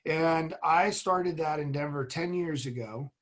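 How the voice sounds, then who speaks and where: A man's voice: fairly high pitch, a little slow, fairly bright tone. Earnest middle-aged man telling motivational stories. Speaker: guest, former military officer and executive. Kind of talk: interview conversation.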